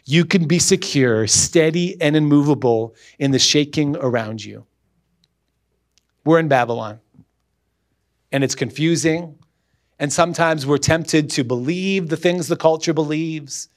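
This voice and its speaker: A man's voice: fairly high pitch, unhurried. A man as a guest pastor, preaching earnestly with repeated emphatic phrases, then leading a closing prayer.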